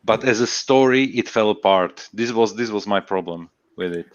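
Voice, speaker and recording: A man's voice: on the low side, normal speed, dry recording, highs cut off. A man in a casual group chat, teasing and giving his view. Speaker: guest.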